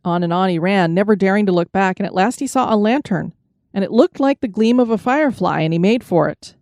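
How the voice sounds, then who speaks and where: Female podcast storyteller, mellow and dry, measured reading of spooky tales. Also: medium pitch, no echo. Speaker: podcast host. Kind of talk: storytelling narration.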